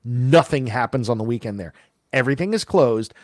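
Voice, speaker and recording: A man co-hosting a podcast, telling a long story in a casual, animated way and acting out the voices of the people in it. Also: medium pitch, brisk, dry recording, clean studio sound. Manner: animated, acts out quoted voices. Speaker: podcast co-host.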